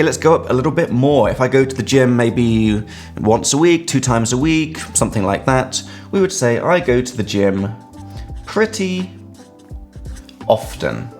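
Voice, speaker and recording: A man from England with an English accent teaches grammar in an upbeat, lively way, leaning hard on key words and drawing them out as he explains. His voice is medium in pitch, sitting in a plain middle register, while faint guitar music plays softly behind him.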